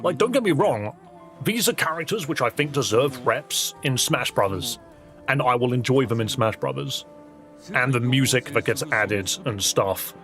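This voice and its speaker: A man's voice: mid-range voice, lively intonation, normal speed, fairly bright tone, soft background music. A British man chatting casually and wryly as a live streamer, reacting to a video and laughing often.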